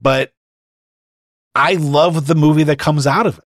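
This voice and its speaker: A man's voice: on the high side, fairly even intonation, measured pace, dry recording, clean studio sound. A man talking casually and enthusiastically about a film, filling his sentences with "like" and "you know". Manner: enthusiastic, heavy use of "like".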